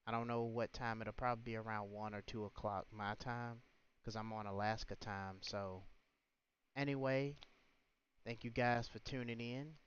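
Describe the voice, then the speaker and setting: A man's voice: lowish voice, fairly even intonation, normal speed, smooth. A man hosting a livestream, talking in an indignant, scolding way with many rhetorical questions. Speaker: livestream host. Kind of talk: ranting livestream commentary. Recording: muffled, lo-fi stream audio.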